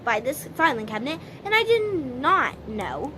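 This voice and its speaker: A woman's voice: high-pitched, sing-song, normal speed, background noise. A woman vlogger telling a story casually to camera, rambling with many restarts.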